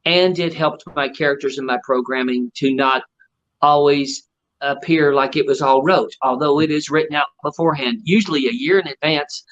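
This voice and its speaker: Animated storytelling man, muffled audio. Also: on the high side, moderate pace. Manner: animated storyteller acting out quotes. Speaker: ventriloquist guest. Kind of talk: storytelling interview.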